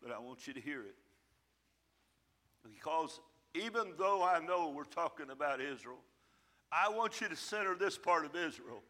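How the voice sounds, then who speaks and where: A man's voice: a little high, animated, moderate pace, pauses often, pushed and bright. A man preaching a sermon in church, emphatic and plain-spoken, his volume swelling and falling back. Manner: folksy, plain-spoken phrasing. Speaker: pastor.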